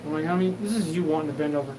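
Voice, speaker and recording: A man's voice: fairly high pitch, rapid-fire, noisy background. A man hosting a solo show, talking in a rambling, profane monologue and acting out quoted back-and-forth exchanges. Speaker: host.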